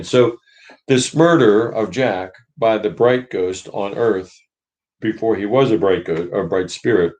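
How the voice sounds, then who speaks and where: A man leading a church book study, teaching thoughtfully and pausing to search for words. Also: fairly low pitch, a little mellow.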